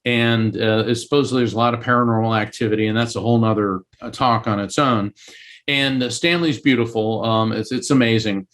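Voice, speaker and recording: A middle-aged man from Central Florida, an author and medium, telling a story in casual spoken style, his voice rising high when he acts out shouts. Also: steady tone, brisk.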